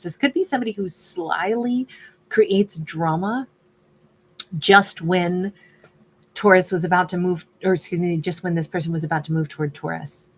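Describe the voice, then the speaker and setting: Woman tarot reader, husky and low, musing aloud in a relaxed reading. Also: moderate pace. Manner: thinking aloud, slipping into the voices of the people in the reading. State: losing her voice.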